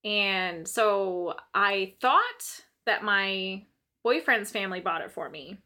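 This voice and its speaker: A young woman co-hosting a casual chat talks slowly in a mid-range voice, telling stories as an animated narrator. She laughs often and acts out how she used to sound.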